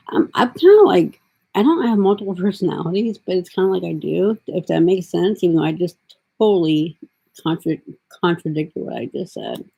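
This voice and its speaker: Her voice is lowish, warm, husky and creaky, and the audio is poor. This middle-aged vlogger chats casually to her camera, drifting between thoughts and filling the gaps with fillers.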